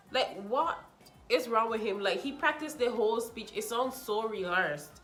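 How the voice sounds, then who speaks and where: A young woman chatting casually as she reviews a reality show, sassy and animated, acting out what people said with mocking asides. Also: fairly high pitch, measured pace, reverberant, soft background music.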